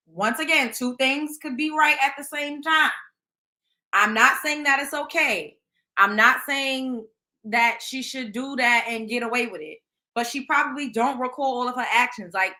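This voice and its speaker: A woman's voice: sits high, pushed and bright, echoey room. A woman hosting a casual celebrity gossip show, talking bluntly and animatedly with lots of profanity. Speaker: show host.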